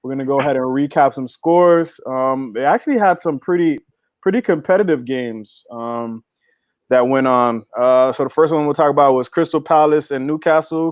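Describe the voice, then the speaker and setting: A man's voice: mid-range voice, no room sound. Chill guy going over football scores on a podcast, lots of ums, dry sound. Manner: laid-back, lots of fillers, laughs easily. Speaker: podcast co-host. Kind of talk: casual sports chat.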